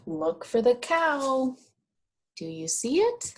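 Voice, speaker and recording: A woman leads a lesson for small children, her pitch rising and falling in a sing-song way. She talks very slowly and stretches each word. She asks a question, waits, then gives the answer warmly. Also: big pitch swings. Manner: asks questions and answers them, drawn-out and encouraging. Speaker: teacher. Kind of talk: slow, sing-song teaching of young children.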